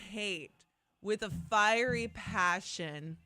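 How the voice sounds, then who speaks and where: Co-hosting a morning radio show, a young woman banters casually and emphatically, animated and slipping into mock voices. She speaks slowly in a slightly high voice.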